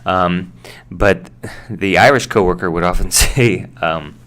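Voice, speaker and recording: Low-voiced american guy explaining english words, laid-back and chatty, lots of ums. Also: a little slow, few pauses. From United States. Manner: relaxed and chatty, with many fillers and asides. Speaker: English teacher. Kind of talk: casual explanation.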